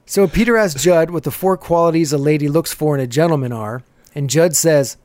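A man's voice: fairly high pitch, brisk, a little mellow, no echo. A man hosting a podcast, casually recapping a TV episode and laughing often as he retells scenes. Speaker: podcast host.

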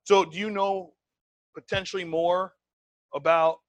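Male sales trainer teaching a live group; emphatic, conversational, keeps checking in with the room; fairly high voice. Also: measured pace, dry recording, lo-fi sound. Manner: emphatic, tags points with "right?" and "okay?"; repeats words, conversational and animated.

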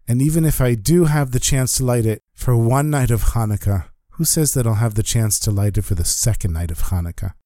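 A solemn, pleading father speaks through his last wartime letter, as a male storyteller reads it. The voice is mid-pitched, with a dry, close sound. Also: dark tone, no room sound, lightly acted. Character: doomed Jewish father writing a wartime letter.

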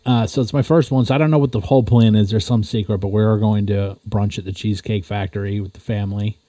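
Mellow low-voiced young dad. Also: male voice, fast, dry recording. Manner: relaxed, hesitant, filler-heavy. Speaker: podcast co-host. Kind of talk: casual podcast chat.

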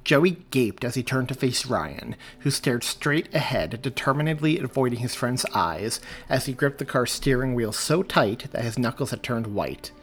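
Male author reading aloud, expressive, animated pitch, audiobook narration. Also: normal speed, few pauses. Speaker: author reading his story.

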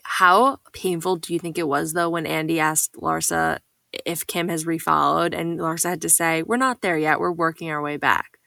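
Bright, gravelly-voiced gossiping woman. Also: low voice, moderate pace, no echo. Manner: animated, gossipy, swears casually. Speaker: podcast co-host. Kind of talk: casual chat about reality TV.

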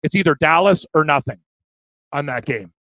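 A man's voice: on the high side, expressive, normal speed, a bit bright, dry recording. A man with a Canadian accent co-hosting a sports betting podcast, giving emphatic, confident picks. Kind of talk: casual sports betting chat.

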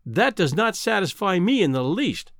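A man's voice: high-pitched, sing-song, moderate pace, fairly bright tone, no room sound, studio quality, voice pushed up, exaggerated voice. A man reading a novel aloud, voicing an earnest, impulsive young man pleading his love.

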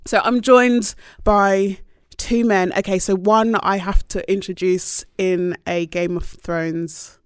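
A woman's voice: mid-range voice, slow, smooth, no room sound, studio quality. Chatty woman hosting a podcast. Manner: chatty, giggly, animated. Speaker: podcast host. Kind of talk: casual podcast chat.

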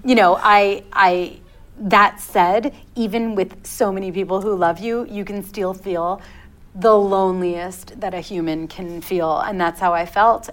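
Speaking on poor audio, a thirty-something woman with a rather low voice is an interview guest. She tells a personal story in a halting way, pausing and restarting while she reflects.

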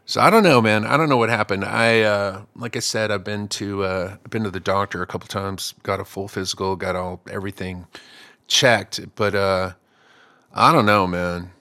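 A middle-aged man telling stories on a podcast in casual, profane chat, slipping into the voices of the people he quotes. His voice sits a little low, and the recording is dry and close. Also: fairly even intonation, moderate pace, sharp tone, no echo. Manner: profane, joking, acts out both sides of conversations. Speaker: musician and podcast host.

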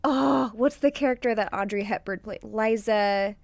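A woman's voice: medium pitch, moderate pace, creaky, darkish tone, no echo. A woman producing a podcast, chatting in a bubbly, giggly way. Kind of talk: casual chat.

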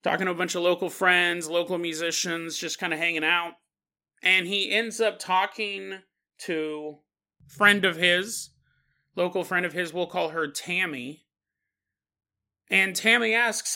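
High, bright-voiced male storyteller. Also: fairly even intonation, unhurried. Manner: conversational, many fillers. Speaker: podcast host. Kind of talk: casual storytelling.

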